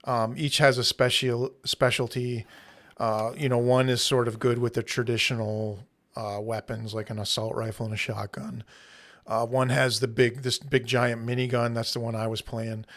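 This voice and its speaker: A man hosting a podcast in casual chat, laughing often and pausing with many ums. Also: medium pitch, flat delivery, a bit bright. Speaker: podcast host.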